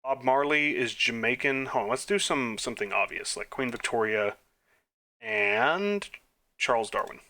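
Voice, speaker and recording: A man talks his way through an online history quiz, muttering guesses under his breath. His voice is bright and forward, and he breaks into flustered, self-mocking outbursts. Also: mid-range voice, lively intonation, moderate pace, gravelly. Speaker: gaming YouTuber. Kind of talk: quiz playthrough commentary.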